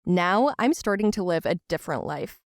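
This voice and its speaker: A woman narrating a first-person animated story in an earnest, emotional way. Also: lowish voice, moderate pace, dry recording, clean studio sound.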